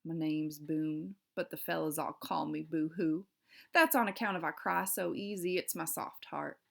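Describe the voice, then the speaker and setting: A woman's voice: low voice, steady tone, normal speed, gravelly, fairly bright tone, heavily acted. A woman voicing a timid, easily tearful cowboy man with a Southern US drawl, reading a storybook aloud. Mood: bashful. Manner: drawling folksy talk.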